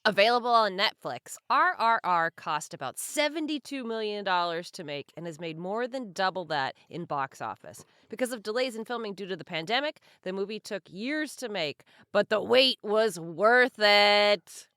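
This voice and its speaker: A woman co-hosting a casual podcast at a mid pitch, her delivery rising and falling expressively. She teases her co-hosts with a wry edge and laughs easily. Her voice sounds close and dry. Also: lively intonation, a bit bright, clear, resonant tone, dry recording. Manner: teasing, wry and quick to laugh. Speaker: podcast co-host.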